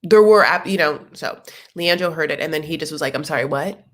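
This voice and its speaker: A woman's voice: low-pitched, brisk. Chatty, sassy woman hosting a reaction chat. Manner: chatty and sassy, jokes and asides, acts out quotes. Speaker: recap show host. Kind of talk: casual live reaction chat.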